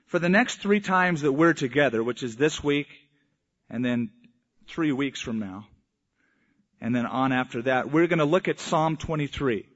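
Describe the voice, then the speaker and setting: A male pastor giving a conversational sermon, with slow, emphatic phrasing. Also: a little high, fairly bright tone. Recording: echoey hall, dull lo-fi sound.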